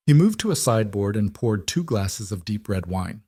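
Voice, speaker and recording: A man narrating a scripted story in a steady, measured way. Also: on the low side, slightly rough, no room sound, studio quality.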